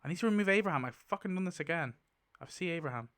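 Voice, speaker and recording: A man giving casual, excitable commentary while spinning a wheel, laughing often and mumbling lists to himself. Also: on the high side, very fast. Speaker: YouTuber.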